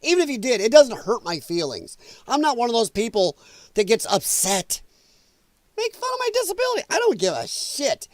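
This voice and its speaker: Streaming live from home with a dog nearby, a Midwestern man with a high, lively voice reacts to his viewers in casual commentary, loud and profane and laughing often. He talks at a normal speed, and the dry recording sounds close to the mic.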